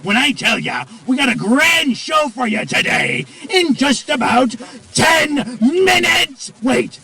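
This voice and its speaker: A man voicing a boisterous male pirate fox animatronic, shouting pirate slang with a gravelly rasp. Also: very high voice, sing-song, slow pace, full character voice, rough recording. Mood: boastful showman. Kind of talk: cartoon voice acting.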